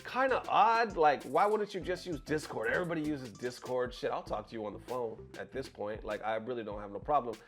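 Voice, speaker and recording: A man's voice: medium pitch, brisk, hardly any pauses, soft background music. A man, a content creator, telling a story to camera from his bedroom in a casual, profane and exasperated way. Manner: animated, profane, exasperated retelling.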